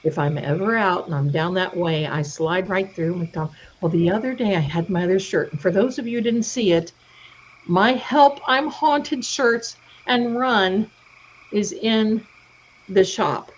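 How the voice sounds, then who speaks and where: A woman's voice: mid-range voice, unhurried, a little hiss or hum. A middle-aged woman hosting a livestream, chatting casually and telling stories. She acts out the voices of the people she quotes. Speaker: livestream host. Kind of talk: casual storytelling chat. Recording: dull lo-fi stream audio.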